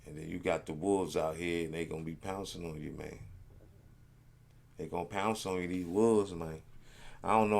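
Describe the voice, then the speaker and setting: A man's voice: deep voice, fairly even intonation, moderate pace, vocal fry, a little mellow. A man hosting a reaction video, chatting casually in a rambling, laid-back, slangy way.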